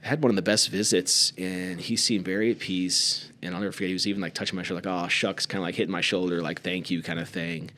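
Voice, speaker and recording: A man co-hosting a podcast, telling stories in casual conversation and acting out quoted voices by raising his pitch. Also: fast talker, hardly any pauses, slight background noise. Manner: relaxed, acts out quoted voices with raised pitch. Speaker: podcast co-host.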